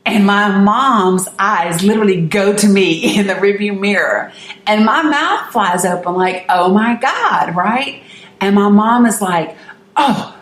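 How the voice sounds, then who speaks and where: A middle-aged woman hosting her own show, telling viewers a personal family story earnestly and emphatically, often restarting her sentences. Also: mid-range voice. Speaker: host. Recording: roomy echo.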